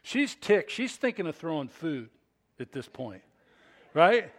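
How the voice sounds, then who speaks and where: A male pastor preaching a sermon in an expressive way, acting out scripture scenes. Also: fairly high pitch, measured pace.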